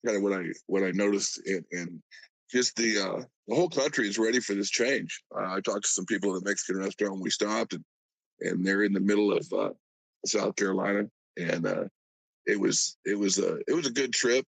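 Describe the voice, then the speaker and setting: A man from Alabama calling into a live stream, talking casually and haltingly with many fillers and restarts. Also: on the low side, gravelly, no echo, rough recording. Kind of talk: casual chat.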